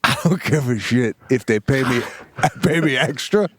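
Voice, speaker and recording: A man co-hosting a comedy podcast, telling an animated story, acting out quotes and laughing often. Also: medium pitch, measured pace. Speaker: co-host.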